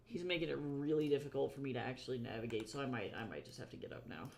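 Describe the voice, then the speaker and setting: Working on her comic at a drawing tablet at home, a woman chats casually on her livestream and talks affectionately to her cat. She has a gravelly bass voice and speaks rapid-fire with few pauses, over a noisy background.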